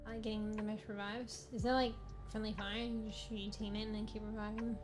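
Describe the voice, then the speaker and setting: Talking fast in a mid-range voice with little pitch movement, a weary woman streamer rambles playfully to her viewers. She keeps correcting herself as game music plays behind her.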